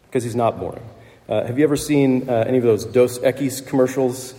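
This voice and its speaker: A man's voice: medium pitch, steady tone, a little fast, warm tone. A man preaching a sermon in a conversational way, with fillers and small laughs. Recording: long hall reverb.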